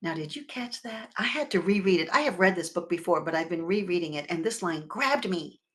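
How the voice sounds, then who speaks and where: A woman minister giving a sermon in a conversational, expressive way, swelling and dropping her volume and leading the congregation in repeating words together. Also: fairly low pitch, a little fast. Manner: expressive with sudden swells and drops in loudness.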